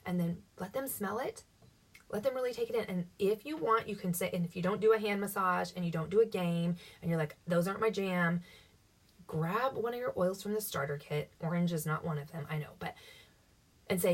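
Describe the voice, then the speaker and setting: Leading a direct-sales team, a woman with a low, breathy voice gives a casual instructional talk at a moderate pace. She's chatty and upbeat, acting out sample dialogue, and the mic is set a bit back from her.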